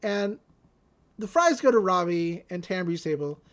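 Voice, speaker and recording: A woman's voice: fairly low pitch, expressive, a little slow. A woman casually recapping a cartoon episode on a podcast, rambling and acting out the characters. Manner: rambling storytelling with fillers and laughs, acting out characters. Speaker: podcast co-host.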